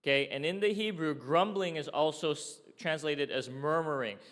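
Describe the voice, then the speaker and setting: A man's voice: on the high side, moderate pace, fairly bright tone. A man preaching a sermon in a conversational way, often checking in with his listeners with "okay?" and "right?". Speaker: pastor. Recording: long hall reverb.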